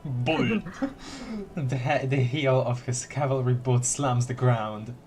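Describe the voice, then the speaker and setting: A man's voice: mid-range voice, animated, slow, darkish tone, faint music behind. A man streaming a story game, reading dialogue aloud with lots of giggles and playful repeated words.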